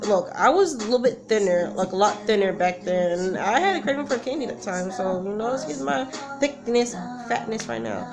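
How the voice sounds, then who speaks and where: At home with a song playing loudly, a woman shares a personal story on a casual vlog recorded with a camera mic. Her voice is fairly high and expressive at a normal speed, and she rambles nervously and emotionally, frequently cutting herself off mid-sentence.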